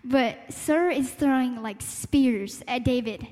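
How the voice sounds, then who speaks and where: A woman's voice: high-pitched, slow pace, a little mellow. A woman sharing a personal story at a church youth gathering, earnest and reflective, with light laughs and searching fillers. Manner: reflective, laughs lightly, talks through her thoughts with fillers. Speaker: panel speaker sharing a testimony. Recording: echoey hall reverb.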